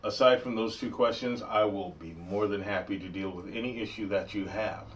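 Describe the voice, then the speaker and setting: A man hosting a livestream, explaining his rules in a joking, deliberate way. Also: on the low side, recorded from a distance, a little hiss or hum. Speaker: livestream host answering spiritual questions. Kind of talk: casual livestream talk.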